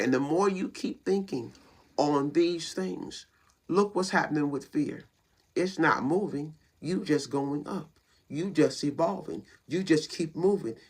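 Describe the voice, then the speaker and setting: A woman giving a motivational talk laced with scripture. She preaches in a repetitive style and often stumbles and repeats words. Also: low-pitched. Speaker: motivational speaker and show founder.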